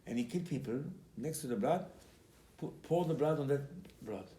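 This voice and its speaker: Animated rabbi, warm voice, roomy sound. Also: male voice, mid-range voice, normal speed. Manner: animated storyteller who acts out quoted speech; emphatic, repeats key phrases. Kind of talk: Torah class. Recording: roomy recording with faint background noise.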